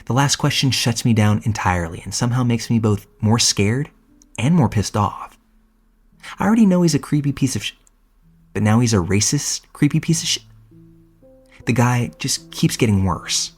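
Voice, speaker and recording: A man's voice: medium pitch, moderate pace, husky, faint music behind. A man reading a first-person horror story aloud in a casual, profane storytelling manner. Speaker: narrator. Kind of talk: scripted horror story narration.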